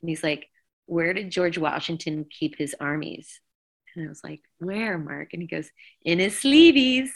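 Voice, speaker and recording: A middle-aged woman, a singer being interviewed, recounting events in a lively, emotional way and acting out quoted dialogue. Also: low-pitched, normal speed, creaky, slightly rough. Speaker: guest singer. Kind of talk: conversational interview storytelling.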